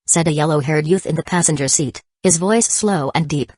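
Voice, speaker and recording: A woman narrating an audiobook in a steady, even reading voice. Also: low voice, fairly quick, slightly rough, dry recording. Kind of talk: scripted narration.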